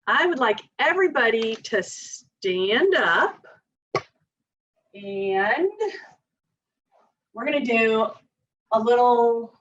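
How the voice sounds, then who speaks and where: A woman's voice: on the high side, lively intonation, drawn-out words, pauses often, fairly bright tone. A woman occupational therapist giving a casual training talk to parents, chatty and laughing often. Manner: chatty, laughs often, leads group exercises with chanting. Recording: slightly dull lo-fi sound.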